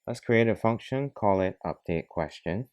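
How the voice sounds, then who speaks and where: A man's voice: on the low side, animated, normal speed, darkish tone. A man narrating a coding tutorial, talking methodically through each step. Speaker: programming tutor. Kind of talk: screen-recorded coding tutorial.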